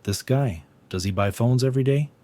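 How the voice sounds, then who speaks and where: A man's voice: medium pitch, brisk, dark tone, pitched above the performer's own voice, lightly acted. A man voicing an irritated young woman gang boss in a recap story, muttering in exasperation. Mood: puzzled.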